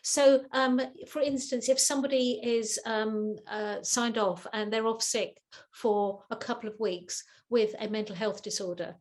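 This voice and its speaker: A woman, a guest expert on a video call, answers questions with lively advice, repeating words and acting out the people she quotes. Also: a little high, a little slow. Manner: animated, acts out quoted voices, repeats words. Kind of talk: webinar Q&A advice.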